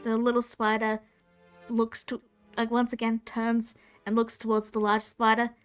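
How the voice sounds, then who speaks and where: A woman narrating as game master of a tabletop game, playful and lively. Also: on the high side, normal speed, faint music behind.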